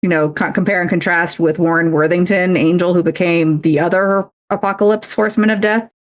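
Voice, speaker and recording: A woman's voice: on the low side, steady tone, brisk. A woman livestreaming, chatting casually while crafting, rambling and self-deprecating with frequent restarts.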